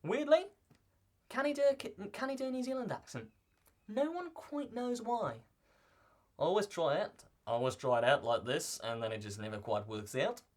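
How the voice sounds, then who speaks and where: A man's voice: extremely high pitch, big pitch swings, moderate pace, a little mellow. A young man playing a vlogger who answers viewer questions in a scripted, in-character video. He talks in a playful, joking way and rambles into asides.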